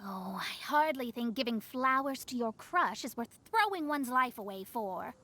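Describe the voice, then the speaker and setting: A haughty, sharp-tongued young astrologist from a game. She teases everyone around her in a high voice. Her pitch sweeps up and down freely. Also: lively intonation, normal speed, slight background noise. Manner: teasing, haughty. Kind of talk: game voice acting.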